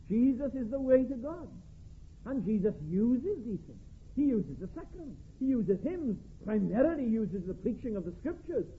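A man preaching a sermon, emphatic and deliberate, stressing single words. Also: high-pitched. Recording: tinny phone-like band, husky.

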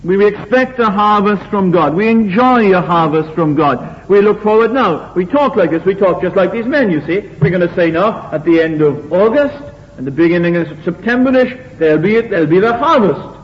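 A man's voice: high-pitched, lively intonation, normal speed, few pauses. A man preaching a sermon in a chapel, earnest and repetitive, asking the congregation rhetorical questions. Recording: dull, lo-fi recording in a reverberant hall.

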